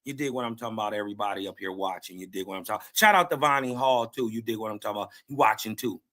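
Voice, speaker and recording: A man hosting a casual livestream, trash-talking his guests in loud, brash banter. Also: lowish voice, rapid-fire. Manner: brash trash talk, repeats "you dig what I'm talking about". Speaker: livestream host. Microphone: call-in livestream audio.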